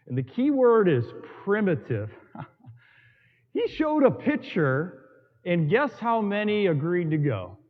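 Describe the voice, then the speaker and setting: A man preaching a sermon as a priest, telling stories with emphatic repetition and dramatic pauses. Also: high-pitched, big pitch swings. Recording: tinny, in a long reverberant hall.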